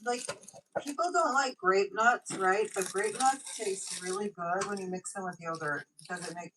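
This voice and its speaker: A woman's voice: medium pitch, normal speed, background noise. A woman chatting eagerly as a guest on a livestream. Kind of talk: casual chat.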